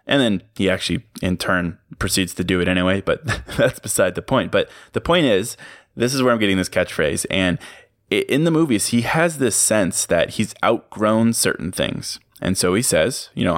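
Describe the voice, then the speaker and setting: Young male podcast host, very deep voice, casual and upbeat, dry close recording. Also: moderate pace, dry recording. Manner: casual, upbeat, chatty with laughs and fillers. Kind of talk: solo motivational podcast talk.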